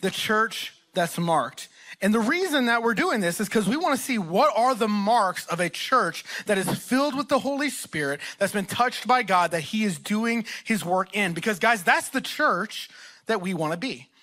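A man's voice: high voice, moderate pace. A man from Texas, a location pastor giving a sermon full of self-deprecating, humorous stories. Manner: animated, self-deprecating storyteller. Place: church auditorium.

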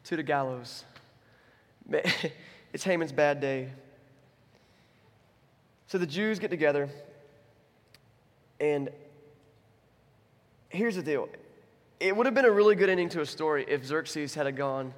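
Male pastor, animated storyteller, slightly high voice, long hall reverb. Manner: animated, acts out characters in quick asides. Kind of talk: sermon storytelling.

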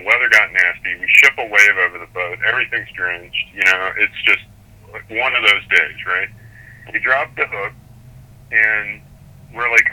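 A man guest in an interview, telling a sailing story in an animated, rambling way with frequent restarts. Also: lowish voice, rough recording. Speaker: sailor guest.

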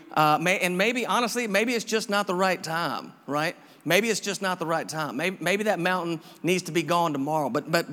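A man preaching to his congregation in a loose, encouraging way, circling back and repeating himself. His voice sits a little high for a man, and it rings out with a long echo in a church hall. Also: bright, forceful tone. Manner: casual, repetitive, encouraging preaching with many restarts. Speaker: pastor. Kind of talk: sermon.

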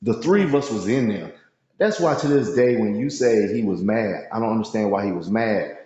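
A man's voice: fairly low pitch, expressive, warm tone, dull audio. Laid-back man in a very echoey room. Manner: laid-back, halting, many fillers. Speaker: podcast co-host. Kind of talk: casual storytelling chat.

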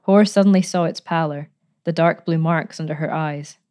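Woman narrator, lowish voice, measured expressive storytelling, audiobook. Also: smooth. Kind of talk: scripted narration.

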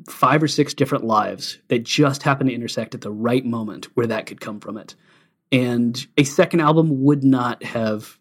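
A man's voice: medium pitch, gravelly. Reflective man in podcast chat. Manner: reflective, pauses with "um". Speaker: podcast co-host. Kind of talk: casual chat about an album.

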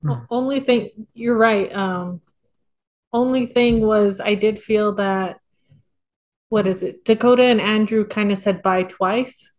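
A woman's voice: mid-range voice, a little slow. A woman co-hosting a casual film-review podcast, wry and sarcastic. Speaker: podcast co-host.

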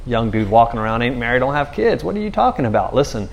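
A man preaching in a loose, conversational podcast style, telling scripture stories in an animated way with slang and frequent restarts. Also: medium pitch, fast, vocal fry.

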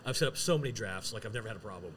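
A man's voice: fairly low pitch, animated, racing, fairly bright tone, a little hiss or hum. A man co-hosting a podcast, chatting casually and rambling with many restarts. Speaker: podcast co-host. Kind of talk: casual chat.

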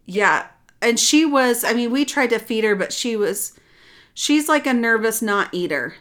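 A middle-aged woman telling a personal story in casual chat, animated and rambling, with restarts. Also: a little high, a little slow. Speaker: adoptive mother telling her story.

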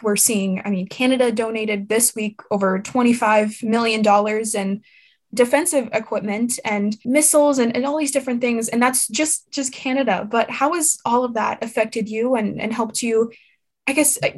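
A woman's voice: a little high, moderate pace. Sympathetic woman interviewer. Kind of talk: interview questions.

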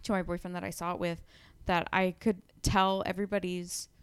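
A young woman co-hosts a casual podcast, her voice smooth and clear. She rambles easily through her thoughts, filling gaps with ums and likes. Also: on the low side, flat delivery, a little fast, dry recording. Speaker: podcast co-host. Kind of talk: casual chat.

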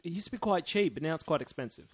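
A man's voice: a little high, expressive, racing, husky, no echo. A man co-hosting a casual podcast, cutting in with questions and quips. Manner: chatty, interjecting with questions and quips. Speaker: podcast co-host. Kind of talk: casual chat.

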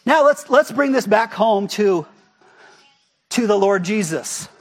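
With soft music in the background, a man with a high voice preaches slowly to his congregation. He stays lively and conversational, leaning on frequent rhetorical questions.

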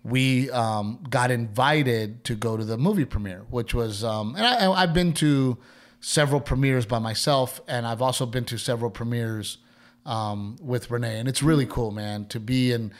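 A man from Texas with a Texan accent, co-hosting a podcast and telling a story in a lively way, laughing as he acts out what people said. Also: medium pitch, moderate pace. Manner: animated storyteller, laughs through his lines, acts out quoted people. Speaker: podcast co-host. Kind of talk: casual storytelling chat.

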